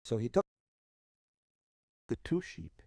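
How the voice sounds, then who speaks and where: A man telling a folk tale aloud, moving expressively between soft and emphatic delivery. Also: slow, dry recording. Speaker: storyteller. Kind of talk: dramatic oral storytelling.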